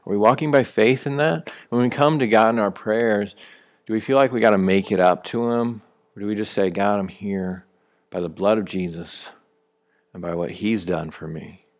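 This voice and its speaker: Speaking at normal speed in a lowish voice, a pastor delivers a relaxed, chatty sermon dotted with fillers and restarts. When he acts out calling someone back, his pitch shoots up sharply.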